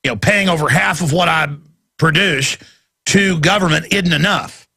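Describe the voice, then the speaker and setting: Gravelly, ranting male radio host. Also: fairly high pitch, normal speed, bright, forceful tone. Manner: ranting, emphatic, repetitive. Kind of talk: heated talk radio monologue.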